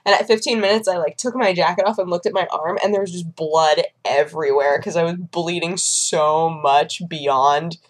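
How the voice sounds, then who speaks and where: A woman's voice: fairly low pitch, fairly even intonation, normal speed, few pauses. A young woman chats casually to her viewers in a vlog. She tells everyday stories in a loose, conversational way and now and then acts out the people she describes. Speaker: vlogger. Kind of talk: casual chat.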